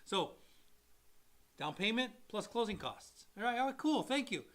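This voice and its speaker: A man who is a loan officer and co-host, giving casual mortgage advice and acting out people in quick quoted voices. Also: high-pitched, very animated, a bit bright. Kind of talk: casual live-stream advice talk.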